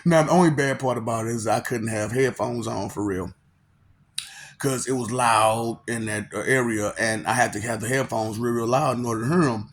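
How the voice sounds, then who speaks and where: Man, rambling monologue, laughs a lot, profane, loud then muttering. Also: medium pitch, normal speed. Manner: makes mouth sound effects. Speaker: monologue host.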